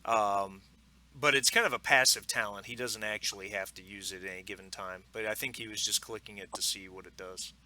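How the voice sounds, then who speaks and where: A man running a tabletop game as game master, explaining rules and narrating scenes in a relaxed way with many fillers. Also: on the low side, brisk, dry recording.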